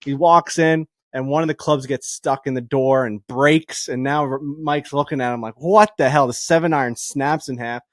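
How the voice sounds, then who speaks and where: A man's voice: medium pitch, moderate pace, hardly any pauses, no echo, studio quality. A man co-hosting a golf podcast in casual chat, telling stories and acting out the people in them. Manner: animated storyteller, acts out quotes. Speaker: podcast co-host.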